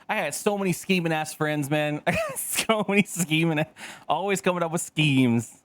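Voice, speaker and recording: A man's voice: fairly high pitch, big pitch swings, moderate pace. A man co-hosting a casual podcast chat, telling stories with lots of swearing and laughter. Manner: profane, storytelling, laughing often. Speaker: podcast co-host.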